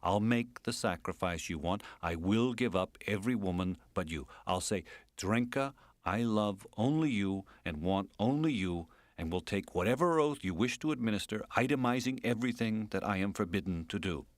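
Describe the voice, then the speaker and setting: A man reading the part of a sardonic, provocative aging man in an audiobook, speaking in a mock-gentle, coaxing, teasing way. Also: lowish voice, animated, normal speed, no room sound, natural voice. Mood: mock-kind.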